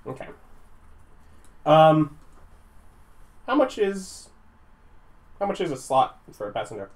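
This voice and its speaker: A player in a casual tabletop role-playing game, chatty and quick to laugh. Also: mid-range voice, very animated, darkish tone.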